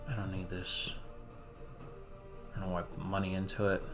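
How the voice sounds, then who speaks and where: A man's voice: low-pitched, flat delivery, normal speed, over music. A man giving casual commentary while playing a strategy game, thinking aloud and muttering to himself.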